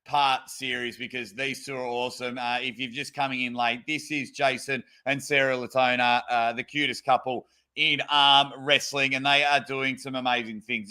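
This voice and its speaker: Aussie guy hosting a podcast, bright voice, chatty and upbeat. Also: medium pitch. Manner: chatty, enthusiastic, promotional. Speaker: podcast host. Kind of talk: casual podcast chat.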